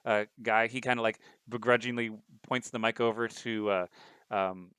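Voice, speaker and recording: A man's voice: lowish voice, moderate pace, clean tone, no room sound. A man running a tabletop game as dungeon master, narrating casually with lots of fillers and restarts. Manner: rambling, many fillers, lively.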